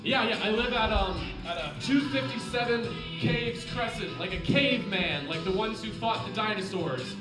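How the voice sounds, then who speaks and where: A man's voice: sits high, moderate pace, few pauses, over loud music, close to an everyday voice. A man doing a rambling, half-singing wasted guy. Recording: echoey stage mic.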